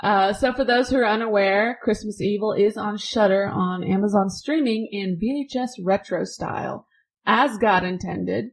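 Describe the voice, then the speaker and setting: A woman co-hosting a casual film podcast, chatty and quick to laugh. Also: medium pitch, low-quality recording. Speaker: podcast co-host. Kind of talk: casual chat.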